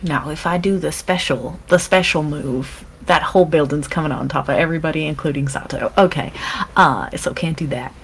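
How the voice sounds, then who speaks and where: A woman's voice: deep voice, brisk, vocal fry, husky. A woman playing in a tabletop game, talking hesitantly with many fillers and asking the game master questions. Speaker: player. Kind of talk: tabletop role-play as a player.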